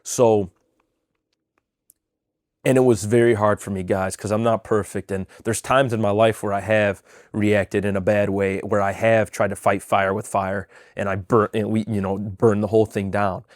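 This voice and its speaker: A man's voice: fairly low pitch, flat delivery, normal speed, dry recording, studio quality. A young man giving a casual motivational talk to camera, telling a story earnestly with fillers and restarts. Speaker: vlogger giving weekly motivation.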